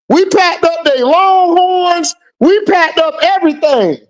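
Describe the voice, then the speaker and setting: A high-pitched livestream host in loose, loud trash-talk mode. The delivery is slow and drawn out, with the same teasing lines repeated again and again between laughs. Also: lively intonation.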